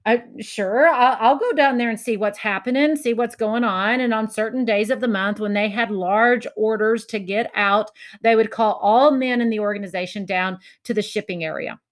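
A woman giving a motivational talk to educators, telling a story with lively acted-out quotes and laughter at her own punchlines. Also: fairly high pitch, normal speed, hardly any pauses. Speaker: education speaker.

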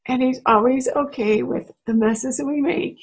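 A woman host speaking with an encouraging, faith-centered manner. Her voice is a bit high and breathy. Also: moderate pace, poor audio. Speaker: podcast host. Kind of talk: casual chat.

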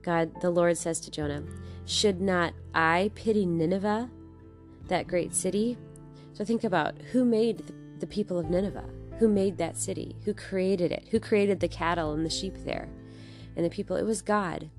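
Mellow, low-voiced woman teaching scripture. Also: soft background music. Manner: measured, reflective, poses questions to the listener. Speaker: Bible teacher. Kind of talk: scripture reading and devotional teaching.

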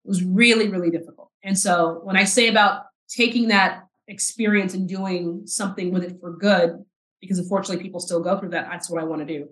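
A woman in her forties from South Texas, a podcast guest telling her personal story in an earnest, halting way with repeated words. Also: on the low side, steady tone, fairly bright tone. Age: 40s. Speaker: podcast guest, nonprofit CEO. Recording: roomy echo.

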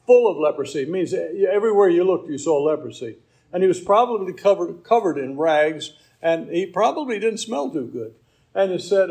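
A man delivers a sermon in a conversational teaching style, stopping to explain verses with offhand asides. His voice sits a touch high and has a mellow, warm tone. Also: animated, brisk, vocal fry, poor audio. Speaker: preacher.

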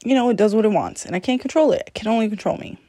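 A woman's voice: medium pitch, lively intonation, racing, dark tone. A woman hosting her own podcast, talking candidly and alone, swearing freely, mocking herself and laughing often. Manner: profane, self-deprecating, laughs often. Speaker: podcast host. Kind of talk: candid solo podcast monologue.

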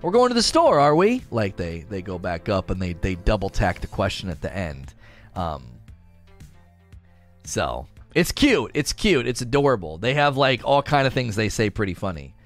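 A man chatting casually on a livestream, rambling and animated as he reads chat aloud. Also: deep voice, moderate pace, faint music behind. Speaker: streamer reading chat.

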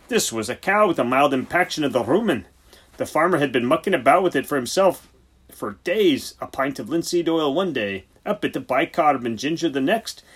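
A man voicing an exasperated senior country vet in an audiobook, in a brusque, preachy, theatrical manner with a husky voice. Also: fairly high pitch, voice pushed up. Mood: grumbling. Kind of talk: audiobook character voice.

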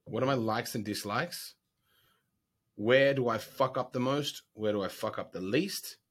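Husky, foul-mouthed male fitness coach; blunt, brash, swings from loud rant to mutter. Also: medium pitch, unhurried. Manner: profane, brash, animated, rants then drops to whispers. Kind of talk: blunt casual monologue.

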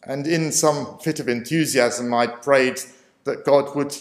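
A man's voice: mid-range voice, measured pace. A man and preacher telling his life story as a personal testimony in a self-deprecating way, often chuckling. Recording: roomy echo.

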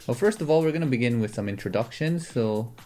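A young man with a mid-range voice and a mellow, warm tone leads a casual chat podcast. He teases his co-host dryly and moves things along briskly. He is recording in a bedroom padded with blankets. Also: mid-range voice, animated, soft background music. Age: young adult. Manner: teasing, brisk and wry.

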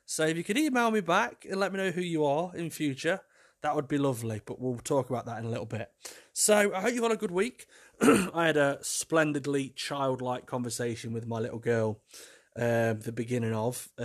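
A man, hosting a casual solo podcast, chatty and self-mocking, laughing often as he tells stories. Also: mid-range voice. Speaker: podcast host.

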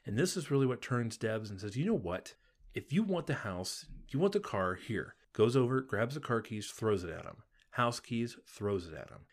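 Steady man retelling a TV plot. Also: on the low side, normal speed. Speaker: podcast co-host. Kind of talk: casual TV recap narration.

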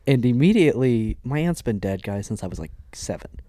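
A young man tells a story on his podcast in a middle-pitched voice, caught dry and close on the mic. He is chatty and lively, and he slips into little acted voices for the people he quotes. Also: fairly quick, dry recording. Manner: animated storyteller who acts out quoted voices. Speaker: podcast co-host. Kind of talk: casual storytelling chat.

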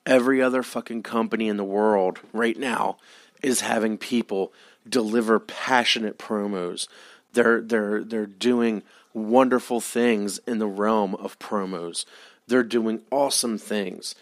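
Low-voiced, profane podcast host ranting. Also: male voice, fairly even intonation, measured pace, no room sound. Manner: profane, exasperated ranting with repeated pleas. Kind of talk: solo wrestling podcast rant.

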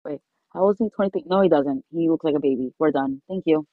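A woman from New York co-hosting a casual podcast chat, talking in a brash, profane, excitable way. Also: low-pitched, quick pace, no room sound, phone-quality sound. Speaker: podcast co-host.

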